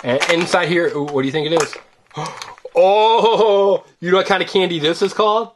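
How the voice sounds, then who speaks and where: Against some background noise, a woman with a lowish voice speaks at a moderate pace while opening surprise eggs with a child for a toy-unboxing video. Her playful banter with the kid is lively, teasing and sing-song.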